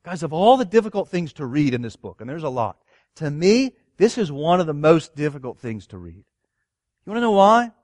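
A man's voice: on the high side, big pitch swings, moderate pace, darkish tone, no room sound. A man preaching a sermon, reading scripture and asking his listeners earnest rhetorical questions. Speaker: pastor.

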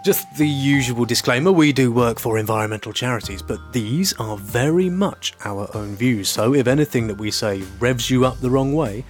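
A man's voice: mid-range voice, moderate pace, few pauses, soft background music. A man co-hosting a podcast in comic casual chat, rambling into absurd tangents. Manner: rambling, absurd, hesitant with fillers. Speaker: podcast co-host.

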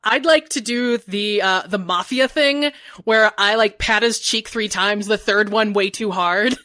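Woman player chatting at the table, bright tense voice, dry sound. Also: medium pitch, a little slow, no room sound. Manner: chatty, joking. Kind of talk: casual chat at a tabletop game.

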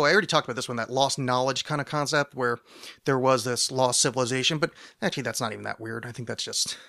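Male podcast host, bright tone, mid-range pitch; rambling, swears freely, pokes fun at himself. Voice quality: rambling, profane, self-deprecating. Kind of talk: casual solo podcast monologue.

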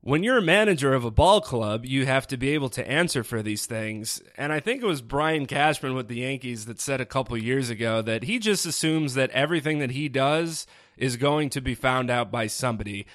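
A man's voice: mid-range voice, lively intonation, a little fast, a bit bright, no room sound, clean studio sound. A man hosting a sports podcast alone, talking casually with sarcastic asides. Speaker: podcast host. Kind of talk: solo sports podcast commentary.

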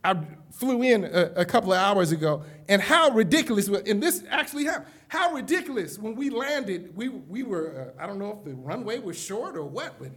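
A man preaching a keynote sermon to a live conference audience, emphatic and direct, moving from hushed asides to loud calls. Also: sits high, big pitch swings, normal speed, few pauses, slightly rough. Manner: addresses the audience directly, repeating "listen carefully".

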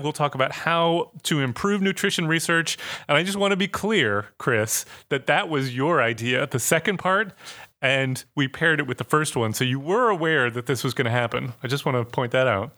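Bright-voiced joking podcast host, a man. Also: on the high side, animated. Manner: chatty, joking, quick asides. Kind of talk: casual podcast chat.

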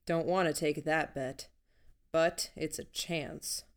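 A woman narrator voicing a cautious, practical man who keeps a group together, in a calm measured way. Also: low-pitched. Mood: steady.

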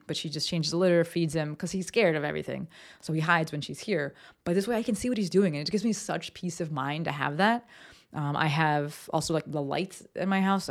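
Young woman podcaster, deep-ish voice, talks loose and blunt, swears a bit. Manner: candid and chatty, with casual swearing. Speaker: podcast host. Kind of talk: casual solo podcast advice.

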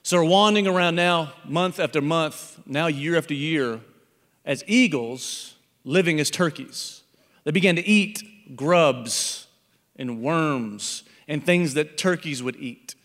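A man's voice: on the high side, takes it slowly, fairly bright tone, big-room sound. A man preaching a sermon, telling a parable as a pastor and acting out the animal characters in it.

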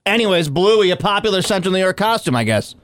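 A morning radio host trading jokes in loose, casual banter and riffing on bits. The pitch moves a lot, lively and expressive, at a middle register. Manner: playful, quick to riff.

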